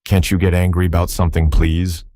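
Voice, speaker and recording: A man's voice: low voice, level tone, brisk, dark tone, slight background noise, lightly acted. A man voicing an earnest, polite young boy in a storybook reading. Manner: earnest, pleading.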